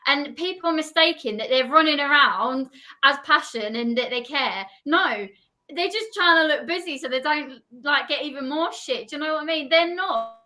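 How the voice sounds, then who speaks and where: A woman's voice: high voice, normal speed, sharp tone. A woman football fan ranting in frustration about her team in casual chat.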